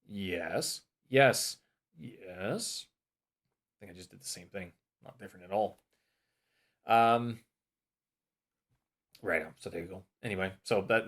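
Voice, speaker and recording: Checking his answers while reading course notes aloud, this man teaching English thinks aloud and mutters jokes at his own expense in a casual study vlog. His voice is on the low side and a little bright.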